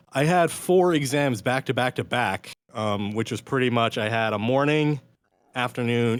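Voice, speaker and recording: A man's voice: medium pitch, no echo. A young man on a podcast, telling a self-deprecating story with many fillers. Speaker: podcast co-host. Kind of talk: casual storytelling.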